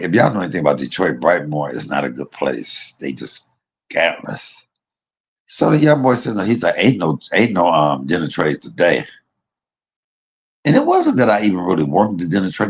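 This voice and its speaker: Man, vlog storytelling, deep voice, raspy, swinging pitch, blunt and profane, self-mocking. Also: brisk. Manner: animated, profane and frank, laughing at himself. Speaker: vlogger. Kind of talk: casual storytelling.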